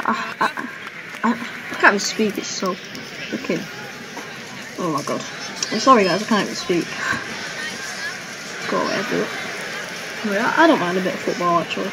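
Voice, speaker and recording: A woman's voice: medium pitch, noisy background. A woman giving casual reaction commentary as a gaming YouTuber, who keeps exclaiming, cringing and laughing at herself.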